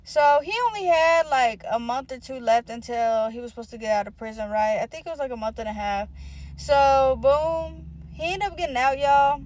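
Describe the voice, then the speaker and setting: A woman's voice: high-pitched, normal speed, darkish tone. A young woman telling a personal story to her channel in a casual, profane, slangy way, rambling with lots of filler words.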